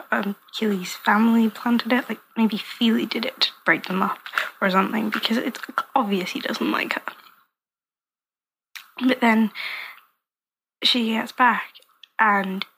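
A woman casually retelling a story in a soft, often half-whispered, rambling way. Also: mid-range voice, a little hiss or hum, poor audio.

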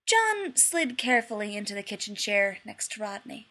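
A woman's voice: mid-range voice, sing-song, moderate pace, few pauses, bright, forceful tone. A woman narrating a story expressively in an audiobook reading.

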